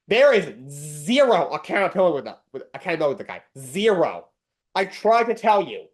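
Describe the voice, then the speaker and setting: A man hosting a sports talk show alone, blunt and ranting, often repeating himself. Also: high-pitched. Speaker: sports podcast host. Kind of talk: opinionated solo sports talk.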